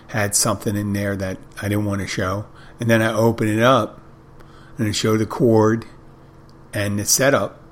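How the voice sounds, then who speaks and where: A middle-aged man hosting a podcast, telling wry, rambling anecdotes in a casual monologue. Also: on the low side. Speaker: podcast host.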